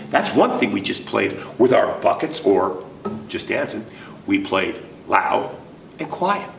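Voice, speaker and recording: A man's voice: medium pitch, creaky, a bit bright, slight background noise. A man leading a children's music lesson, telling a playful story and calling out to the kids. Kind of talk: sing-along lesson for kids. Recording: roomy, distant mic with guitar.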